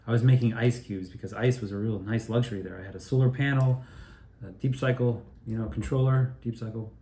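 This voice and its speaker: A man telling a rambling personal story, excitable and profane, often restarting his sentences. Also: fairly low pitch, reverberant, slight background noise. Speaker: video creator telling his own story.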